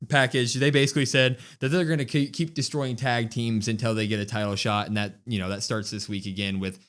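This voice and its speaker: Animated man recapping wrestling. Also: medium pitch, a little fast. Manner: animated recapping, acts out quotes. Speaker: podcast co-host. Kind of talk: casual wrestling review chat.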